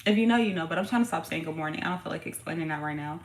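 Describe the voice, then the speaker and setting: A woman's voice: low voice, racing. A woman hosting a casual tarot reading at home, talking in a slangy, profane, hyped-up way to her viewers. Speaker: tarot reader and channel host. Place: home room with her young son nearby. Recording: roomy echo with faint background noise.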